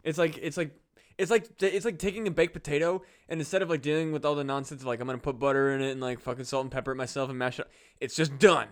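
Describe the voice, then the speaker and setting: A male podcast co-host who talks fast in a smooth, clear voice. He is enthusiastic and swears constantly in casual chat. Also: on the high side, fairly even intonation.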